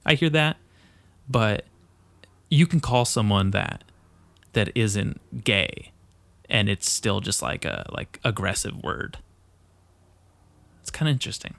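A young man hosting a casual podcast chat, talking in a profane, rambling and excitable way. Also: fairly low pitch, takes it slowly, gravelly, pauses often, no echo.

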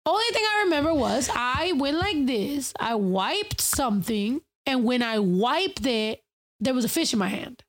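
Young woman, casual podcast chat, slangy and profane, laughing storyteller, fairly high voice. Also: very animated, a little slow.

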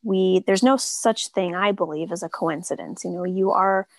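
A woman who practices Reiki talks casually and softly in an interview, with many filler words. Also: lowish voice, moderate pace, vocal fry, no echo. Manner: soft-spoken, lots of filler words. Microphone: remote call.

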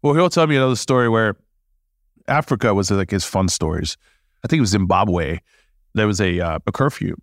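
A man, a podcast guest, telling stories casually in an animated way, laughing and acting out dialogue. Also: lowish voice, a little fast, no echo, clean studio sound. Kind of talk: casual storytelling.

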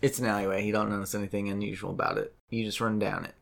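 A man's voice: on the low side, little pitch movement, very fast, vocal fry. A man narrating a tabletop game as game master, chatty and laughing often.

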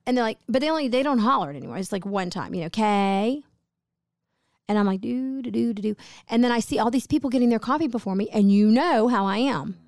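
A woman's voice: a little high, lively intonation, quick pace, darkish tone, no echo, clean studio sound. A middle-aged woman chatting with her husband, rambling through a story in a chatty way. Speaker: co-host, host's wife. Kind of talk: casual chat.

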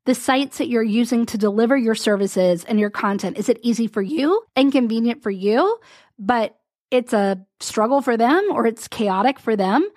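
A woman's voice: fairly high pitch, lively intonation, moderate pace, a little mellow, no echo. Chatty woman coach, dry close sound. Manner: chatty, rambling, self-interrupting with little laughs. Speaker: podcast host and business coach. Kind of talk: casual solo podcast talk.

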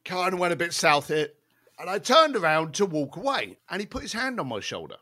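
His voice sits high and moves a little fast as this podcast interview guest tells a salty tale. Frequent laughter and asides keep his lively storytelling animated.

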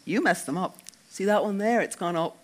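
A man's voice: high voice, moderate pace, pitched above the performer's own voice, close to an everyday voice. Man doing a dry, teasing Irish bloke. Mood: amused. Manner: dry, teasing, mock-serious. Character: big easygoing teasing young Irish man.

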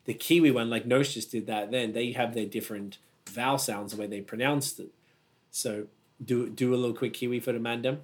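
A man's voice: medium pitch, fairly even intonation, a little fast. A man from Australia with an Australian accent, hosting a casual chat and telling rambling stories, swearing freely and laughing easily. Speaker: podcast host.

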